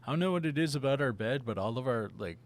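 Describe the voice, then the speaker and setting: A man co-hosting a casual podcast, telling his own eerie experiences in a relaxed, rambling way with casual swearing. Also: medium pitch, fast, a little hiss or hum. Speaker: podcast co-host. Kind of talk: casual storytelling chat.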